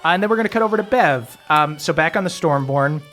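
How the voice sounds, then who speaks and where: A man's voice: a little high, expressive, quick pace, a bit bright, soft background music. A man narrating a tabletop game as game master, in a loose, chuckling way with many fillers.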